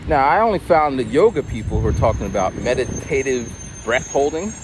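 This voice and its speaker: Vlogger man, lively pitch, street traffic audible behind a phone recording. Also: fairly quick. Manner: chatty, storytelling, animated. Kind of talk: casual vlog monologue. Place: outdoors on city streets. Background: traffic and street noise.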